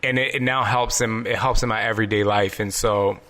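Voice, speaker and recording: A man's voice: on the low side, fairly even intonation, a little fast, bright, forceful tone. A man hosting a podcast, talking earnestly and openly emotional in a casual interview chat, often restarting his sentences. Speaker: podcast host.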